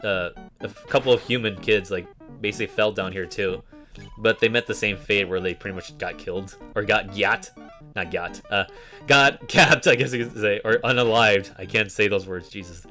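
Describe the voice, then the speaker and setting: Brief: lower-voiced male streamer, bright and forceful tone, chatty gameplay commentary, faint music behind. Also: moderate pace. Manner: rambling, many fillers and restarts, reads game text aloud.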